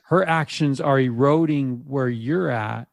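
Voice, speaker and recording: A man's voice: medium pitch, unhurried, vocal fry. A man hosting a podcast, asking reflective, supportive questions in conversation. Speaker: podcast host. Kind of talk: conversational interview.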